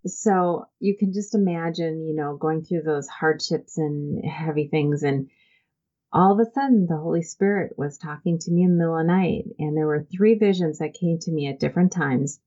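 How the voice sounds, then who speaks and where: In a conversational interview, the founder of a church volunteer program shares stories with warmth and sincerity, her voice notably low. She frequently stops on "um" and begins her sentences again, all captured on a dull, lo-fi recording.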